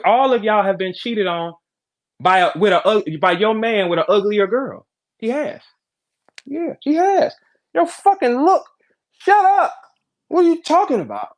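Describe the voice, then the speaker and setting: A man hosting a podcast, ranting in a brash, profane, animated way, jumping between loud outbursts and low asides. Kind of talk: casual podcast rant.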